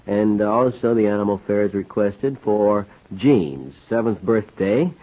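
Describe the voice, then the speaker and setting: A man's voice: fairly low pitch, unhurried. A man hosting a radio record show, reading listener requests and ad copy in an easygoing, rambling way. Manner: easygoing, rambling, talks in circles. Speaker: radio disc jockey. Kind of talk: folksy radio announcing. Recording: dull lo-fi 1940s radio recording.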